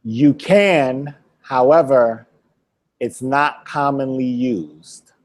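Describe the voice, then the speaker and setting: A man teaching a Hebrew vocabulary lesson, quizzing a student, repeating each word and laughing often. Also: medium pitch. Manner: repeats words slowly for drilling. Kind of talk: classroom lesson.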